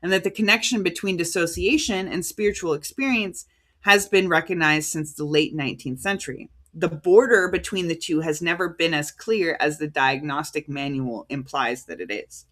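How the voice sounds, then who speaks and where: An American woman preaching a livestreamed sermon in a conversational, halting way, stopping to sort out names and titles as she reads them out. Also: low voice, a bit bright. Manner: conversational, halting, stops to reread cited titles.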